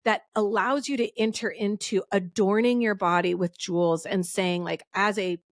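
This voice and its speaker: A woman's voice: medium pitch, steady tone, normal speed, no echo, studio quality. A woman in her forties hosting a casual podcast conversation. She talks in a rambling, heartfelt way and often restarts her sentences. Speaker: podcast host.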